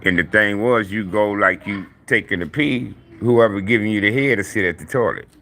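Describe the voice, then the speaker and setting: A middle-aged man telling stories casually in a profane, slangy, animated way. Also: lowish voice, normal speed, slight background noise. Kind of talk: casual storytelling.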